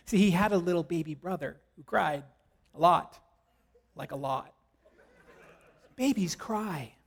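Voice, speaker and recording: A man in his thirties, a pastor giving a sermon in a church service in a casual, joking way. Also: fairly high pitch. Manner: conversational, joking, self-deprecating.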